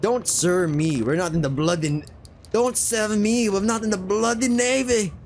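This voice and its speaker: A man voicing a gruff, impatient male sailor who barks orders in a brusque, slangy way. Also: sits high, moderate pace, a little hiss or hum, pitched above the performer's own voice, lightly acted.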